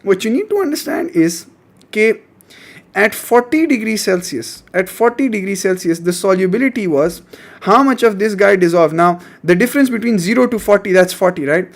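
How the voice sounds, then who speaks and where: Male chemistry tutor, high voice, keeps prodding the class for answers. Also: animated, moderate pace. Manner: coaxing, repeats questions to students. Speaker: chemistry teacher. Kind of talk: online exam-prep lesson.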